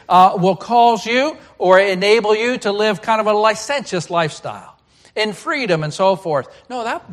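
A middle-aged man, a pastor, preaching a sermon, swinging between loud emphatic lines and hushed, quiet asides. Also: fairly high pitch.

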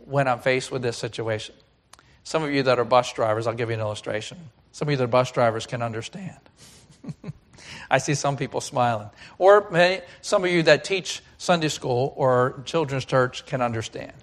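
A middle-aged man, a pastor, preaching a sermon, swinging between loud emphatic lines and hushed, quiet asides. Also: medium pitch, normal speed.

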